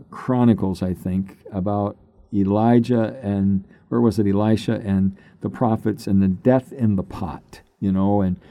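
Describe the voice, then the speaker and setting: An older man, a pastor, telling his personal testimony in an unhurried, halting way that turns emotional at times. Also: on the low side, mellow, no echo. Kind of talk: personal testimony, conversational storytelling.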